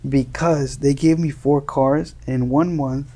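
A young man from Colombia, a native Spanish speaker, telling casual stories as an interview guest, animated and laughing often. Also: a little high, a little slow. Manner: animated, laughing, acts out quoted voices. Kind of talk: casual storytelling.

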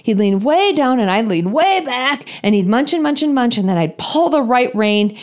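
A woman in her thirties or forties telling a humorous personal story in an animated, self-deprecating way, acting out her own thoughts. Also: a little high, normal speed.

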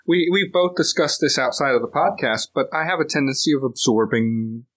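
A man's voice: mid-range voice, brisk, a bit bright. A man co-hosting a podcast, telling long stories in casual chat, laughing often and restarting his sentences. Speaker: podcast co-host.

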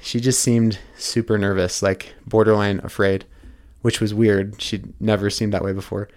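A man's voice: fairly low pitch, flat delivery, moderate pace, a little mellow. A man in his thirties, a podcast host taking the guest seat, telling his story in an earnest, casual way with frequent restarts.

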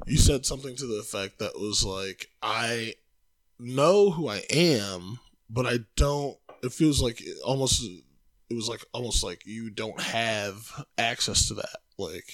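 A man's voice: medium pitch, unhurried, no echo. A man hosting a podcast in casual chat, joking and swearing freely. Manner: profane, joking, animated. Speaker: podcast host.

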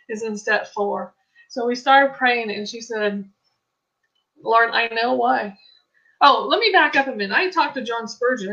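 A middle-aged woman tells a faith testimony in an earnest, storytelling way, often restarting and quoting others. Her voice is bright and sits a little high. The sound is dull and lo-fi. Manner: earnest storytelling with frequent restarts and quoted dialogue. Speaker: Christian ministry speaker. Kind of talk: testimony-style faith talk.

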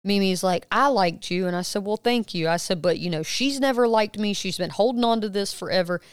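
A woman in her thirties co-hosting a podcast, retelling a story in casual chat and acting out quotes with loud, cursing outbursts. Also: medium pitch, a little fast, clear, resonant tone, no room sound, clean studio sound. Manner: animated retelling with loud acted quotes and swearing. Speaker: podcast co-host.

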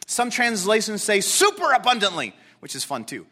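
A man preaching a sermon to a congregation in an animated, emphatic way, repeating words for stress. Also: sits high, normal speed, breathy edge. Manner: excitable, talks directly to congregation. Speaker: pastor.

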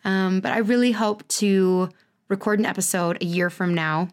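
A woman in her thirties talks alone on her podcast. She is candid and self-mocking, and her pitch often leaps upward. Her voice sits at an ordinary pitch for a woman. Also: fairly even intonation, normal speed, smooth. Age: 30s. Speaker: podcast host. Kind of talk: casual solo podcast monologue.

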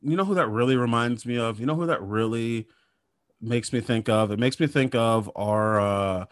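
A man's voice: medium pitch, moderate pace, no room sound, studio quality. A young man co-hosting a comedy podcast, joking and rambling with lots of fillers. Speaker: podcast co-host. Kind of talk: casual comedic chat.

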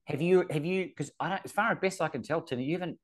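A man's voice: fairly high pitch, fast. Chatty New man on a call. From New Zealand. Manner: chatty, stumbles and restarts often. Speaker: host. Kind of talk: casual video-call conversation. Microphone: video call.

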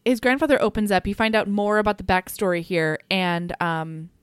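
A woman co-hosting a podcast, recapping a story in easy casual chat. She is expressive and swears freely. Her voice sits in a middle range and is recorded close and dry, with no room sound. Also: medium pitch, moderate pace, clean tone, no echo. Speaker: podcast co-host.

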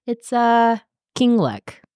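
A woman's voice: a little high, very animated, slow pace, a little mellow, clear, resonant tone, no room sound, studio quality. A woman co-hosting a book podcast, recapping the plot casually with lots of swearing and filler words. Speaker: podcast co-host. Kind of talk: casual book-club chat.

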